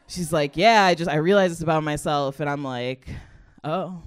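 A woman doing stand-up, telling a story with lively impressions of others. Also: sits low, moderate pace, clear, resonant tone, no echo, studio quality. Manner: animated storytelling, mimics others. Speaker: stand-up comedian. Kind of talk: stand-up comedy set.

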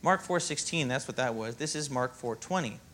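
A man preaching a sermon as pastor, in a lively, conversational way and often asking "Amen?". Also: medium pitch, moderate pace, a little hiss or hum.

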